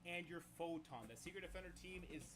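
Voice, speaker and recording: Confident male guide narrator, slightly high voice, instructive, faint noise behind. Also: animated, quick pace. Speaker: game guide creator. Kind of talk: explanatory game guide narration.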